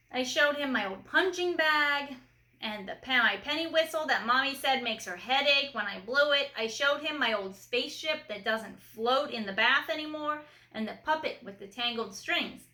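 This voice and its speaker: Bright-voiced woman reading a storybook. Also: high-pitched, roomy sound. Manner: lively, shifts voice for each character. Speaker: storyteller reading a children's book. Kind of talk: storybook read-aloud.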